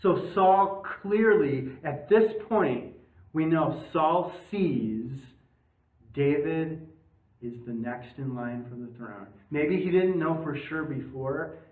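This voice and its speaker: A man's voice: on the high side, expressive, slow pace. A man teaching a casual Bible study class, chatty and joking, often putting questions to his listeners. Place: parish meeting room. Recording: tinny, echoey room, mic far off.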